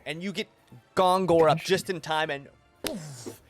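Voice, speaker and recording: A man's voice: fairly high pitch, level tone, moderate pace, faint music behind. A man narrating a tabletop game as game master, describing scenes with many restarts and repeated words.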